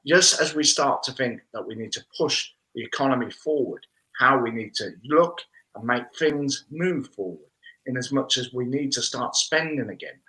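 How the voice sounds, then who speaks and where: A man's voice: medium pitch, moderate pace, bright, forceful tone, poor audio. A man on a video-call business chat, talking earnestly in a speechmaking way with frequent restarts. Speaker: panellist on a business chat show. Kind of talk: casual panel discussion.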